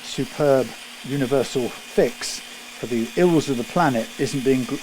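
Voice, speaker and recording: A mellow-voiced man thinks aloud as he works in a guitar workshop, rambling from thought to thought. His voice is mid-pitched and relaxed, often dropping to a low mutter. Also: unhurried, a little hiss or hum. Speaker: guitar technician. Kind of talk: musing aloud while working.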